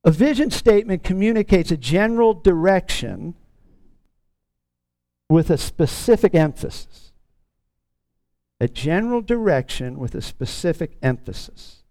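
A man's voice: sits high, animated, a little slow, long pauses, dark tone, dry recording. A man preaching a sermon as pastor of his church, teaching earnestly and repeating key phrases for emphasis.

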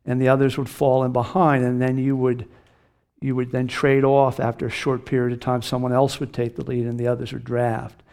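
A man's voice: mid-range voice, darkish tone, clean tone. Middle-aged male pastor, earnest emphatic sermon delivery, mid-range voice. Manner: earnest, emphatic preaching with lifts on key phrases.

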